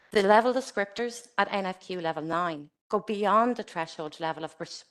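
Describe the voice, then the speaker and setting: Measured woman reading a formal presentation. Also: on the low side, fairly bright tone. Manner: measured, formal, reads from a script. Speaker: presenter for a regulator. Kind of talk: scripted webinar presentation.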